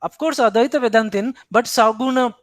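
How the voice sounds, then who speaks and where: A man's voice: very high voice, a little fast, dry recording. Man lecturing, Indian English accent. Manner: rhetorical questions, speaks in the voice of the tradition he discusses. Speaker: philosophy lecturer. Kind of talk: academic lecture.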